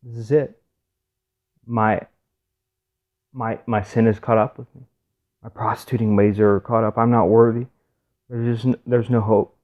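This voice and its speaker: A man voicing a despairing woman facing auction, speaking in a soft, hopeless way in his own voice. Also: fairly low pitch, flat delivery, measured pace, long pauses, natural voice. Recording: dull lo-fi recording.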